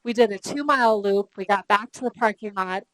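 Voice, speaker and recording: Woman, customer service trainer, lively storytelling, questions to the room, dry sound. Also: mid-range voice, a little fast, no echo, poor audio. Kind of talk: live training workshop.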